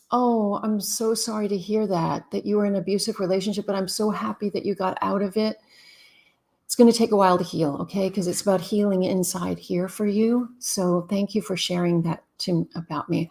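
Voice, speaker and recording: A woman from Canada hosting a live-stream Q&A on relationships, greeting viewers in a casual, chatty way and giving frank, brisk advice. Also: medium pitch, steady tone, gravelly, a little mellow.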